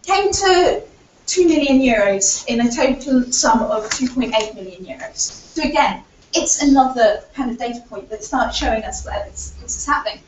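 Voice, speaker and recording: A woman's voice: a little high, expressive, normal speed. Woman conference speaker, earnest, filler-heavy talk, voice slightly recovering; dull lo-fi recording with faint noise. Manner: earnest, argumentative, frequent fillers like "kind of". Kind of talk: conference presentation. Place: lecture hall. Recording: echoey hall, distant, dull lo-fi audio.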